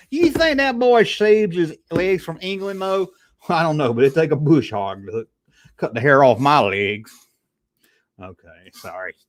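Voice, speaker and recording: A man hosting a live stream, rambling casually and reacting to chat with stammered restarts and casual swearing. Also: fairly high pitch.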